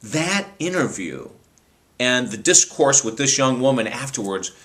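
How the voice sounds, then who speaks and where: A radio talk show host spins a personal story with eager, rambling energy, doubling back on his words as he goes. His voice is bright and forward, pitched in an ordinary male middle range. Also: measured pace. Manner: animated, rambling, frequent restarts.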